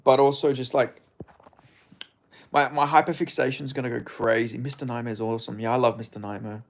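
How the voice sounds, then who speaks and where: A man's voice: mid-range voice, steady tone, a little fast. An Australian man streaming and reading chat aloud, with blunt, profane, laid-back banter. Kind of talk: casual livestream chat.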